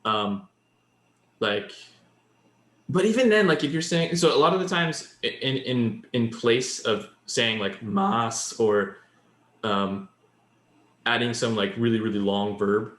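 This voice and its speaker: A man's voice: mid-range voice, lively intonation, takes it slowly, pauses often, a bit bright. Man explaining example by example, roomy echo. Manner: explains at length, builds example after example. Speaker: podcast co-host. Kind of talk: casual chat explaining Japanese.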